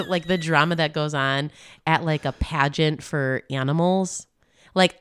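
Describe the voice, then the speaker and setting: A woman co-hosting a podcast in casual chat, playful and teasing, with quick jokes. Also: low voice, steady tone, clean tone, dry recording. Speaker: podcast co-host.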